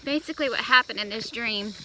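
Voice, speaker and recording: A woman's voice: on the high side, fast, sharp tone, slight background noise, low-quality recording. A young woman chatting casually while walking outdoors with a stroller, a little out of breath, with many fillers and restarts. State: slightly out of breath. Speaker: vlogger. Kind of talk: casual vlog storytelling. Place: outdoors in a yard. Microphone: phone camera held while walking.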